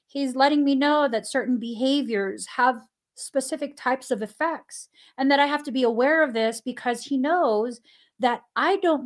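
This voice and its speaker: A woman hosting a spiritual podcast, talking earnestly and candidly with thoughtful pauses. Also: high voice. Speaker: podcast host. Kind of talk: reflective spiritual podcast talk.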